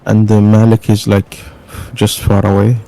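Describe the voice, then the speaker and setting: A man playing a tabletop game, speaking haltingly with many filler pauses. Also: fairly low pitch, completely flat delivery, gravelly, dark tone. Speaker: player. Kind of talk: casual tabletop game chat.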